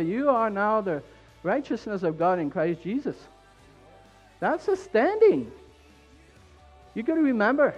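French-accented preacher, high fervent voice. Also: male voice, muffled recording. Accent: French Canadian. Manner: fervent, repetitive, builds to shouting. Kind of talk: sermon. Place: church.

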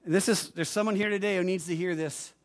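A male pastor preaching a sermon, moving between forceful commands and quieter asides, and often asking the congregation if they follow. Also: high voice, fairly even intonation, quick pace. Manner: preaching with rising fervor, commanding declarations; asks the congregation for responses.

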